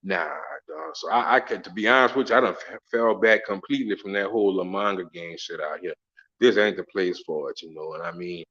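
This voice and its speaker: A man's voice: low voice, brisk, a bit bright, slightly rough, lo-fi sound. A middle-aged man from the States, telling stories in a profane, slangy, laughing way in a casual monologue. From Southern United States. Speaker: travel vlogger.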